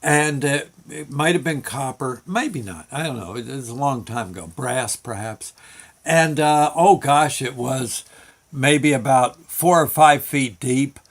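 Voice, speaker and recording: A man hosting his own show, telling a long work story in a halting, folksy way with many fillers and restarts. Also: medium pitch. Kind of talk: rambling spoken storytelling.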